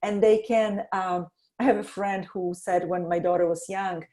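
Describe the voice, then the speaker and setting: A middle-aged woman talking as a podcast guest about energy and intuition, animated, laughing often and acting out the voices she quotes. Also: mid-range voice. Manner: slows to a soft guiding tone in exercises. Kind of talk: conversational interview.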